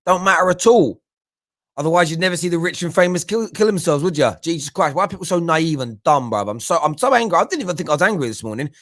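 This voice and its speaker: A man's voice: a little high, expressive, fast talker, fairly bright tone. A young adult man hosting a live football fan talk show, ranting in a blunt, slangy and fired-up way.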